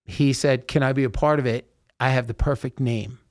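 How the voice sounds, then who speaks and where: A man hosting a podcast in a studio, telling a story with lively voiced-out quotes. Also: mid-range voice, normal speed. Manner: animated storyteller acting out quotes. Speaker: podcast host. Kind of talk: casual storytelling chat.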